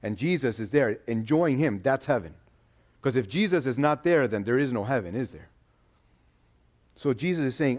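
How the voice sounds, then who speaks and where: A man preaching a sermon in a conversational, animated way, acting out quotes as he goes. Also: medium pitch, moderate pace. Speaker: pastor.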